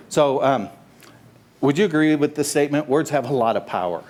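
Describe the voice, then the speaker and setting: Middle-aged man, pastor type, relaxed sermon, halting with fillers, plays to the congregation. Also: fairly high pitch. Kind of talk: sermon with prayer. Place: church sanctuary.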